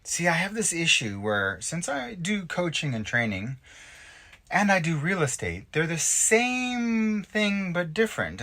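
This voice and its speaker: A man's voice: fairly high pitch, pushed and bright, a little hiss or hum. A man, a real estate agent, chatting casually and self-deprecatingly to the camera while he drives around. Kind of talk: casual driving vlog. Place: in a car.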